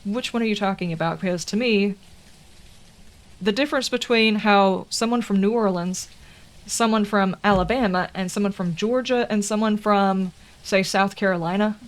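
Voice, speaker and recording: A woman's voice: mid-range voice, normal speed. A woman with a Southern American accent, chatting casually and rambling through tangents while streaming a game. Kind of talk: casual chat while gaming.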